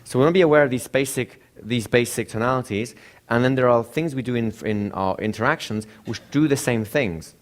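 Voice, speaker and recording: A man's voice: medium pitch, brisk. A man teaching a class, who keeps asking the room questions and acts out examples of speech intonation. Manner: asks the room frequent rhetorical questions. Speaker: instructor. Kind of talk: classroom lecture.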